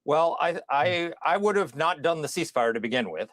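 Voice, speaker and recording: A political commentator explaining his view on a ceasefire in a deliberate, measured way, with frequent restarts. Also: fairly high pitch, expressive, a bit bright, no room sound.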